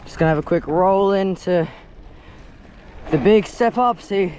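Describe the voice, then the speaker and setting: A man's voice: high-pitched, measured pace, darkish tone, a little hiss or hum. A man giving slangy, casual commentary while riding a mountain bike on outdoor trails, swearing loosely as he goes. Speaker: mountain biker vlogger. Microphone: action camera while riding.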